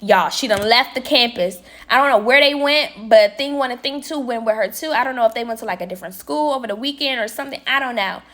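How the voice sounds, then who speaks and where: Young adult woman, higher voice, casual storyteller who acts out the quotes. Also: quick pace, few pauses. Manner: chatty, addresses viewers as y'all, quotes people with lively voices. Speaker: vlogger and nail tech.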